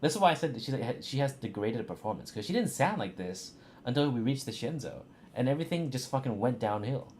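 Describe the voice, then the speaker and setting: A man streaming a game and commenting, ranting and swearing in an animated way. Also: mid-range voice, quick pace, slight background noise. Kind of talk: let's play commentary.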